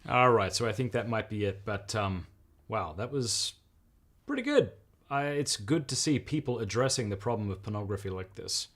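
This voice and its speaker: A man's voice: on the low side, sing-song, normal speed, fairly bright tone. A man hosting a reaction video, reflecting earnestly on faith and virtue and thinking aloud with asides. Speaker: host reacting to a clip. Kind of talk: reflective religious commentary.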